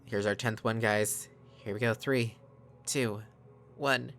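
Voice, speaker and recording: Using a desk mic, a man gives casual let's play commentary, chatting with viewers and calling them "guys." His voice is on the low side and a bit bright, his intonation fairly even and his pace a little slow, with a little hiss or hum in the recording.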